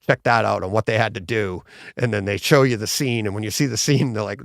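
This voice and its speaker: A man's voice: fairly low pitch, fairly quick, vocal fry, no echo, clean studio sound. Rambling, enthusiastic male podcast co-host. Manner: rambling, enthusiastic retelling with many restarts. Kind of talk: casual livestream chat.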